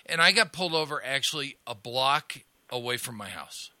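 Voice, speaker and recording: A middle-aged man from Illinois hosts a loose radio talk, wandering from one anecdote to the next. His voice is strikingly bright and sharp, and it sits dry and close with no room around it. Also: mid-range voice, lively intonation, normal speed, dry recording. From Illinois, USA. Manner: rambling, anecdotal, laughs at his own stories. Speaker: radio talk host and comedy club owner. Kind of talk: casual storytelling chat.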